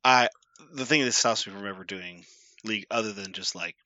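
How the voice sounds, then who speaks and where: A man co-hosting a casual podcast, relaxed and trailing off into quiet asides. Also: fairly low pitch, brisk, no room sound, highs cut off. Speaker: podcast co-host.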